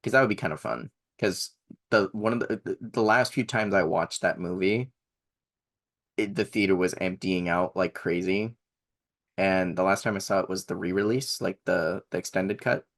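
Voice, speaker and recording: Young male podcast co-host, lowish voice, rambling and keen, laughs a lot. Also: steady tone, moderate pace, a bit bright. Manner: enthusiastic, rambling, laughs often. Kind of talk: casual chat.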